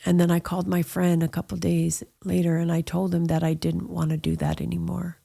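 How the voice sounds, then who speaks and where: Woman, middle-aged, interview guest; flat delivery, casual storytelling full of asides. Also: on the low side, brisk, gravelly, breathy edge. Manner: storytelling, with frequent "you know" asides. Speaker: guest sharing her testimony. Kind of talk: conversational personal testimony.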